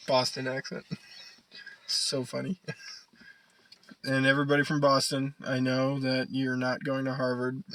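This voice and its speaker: This young adult man co-hosts a podcast, and his medium-pitched, slightly bright voice comes through poor audio. The chat is casual and rambling, with frequent swearing and laughter.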